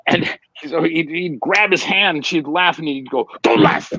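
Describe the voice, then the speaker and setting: A man's voice: on the high side, normal speed, sharp tone, dry recording, lo-fi sound. A man, a magician, chatting casually and retelling a stage routine step by step. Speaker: magician, conversation partner. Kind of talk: casual reminiscing chat.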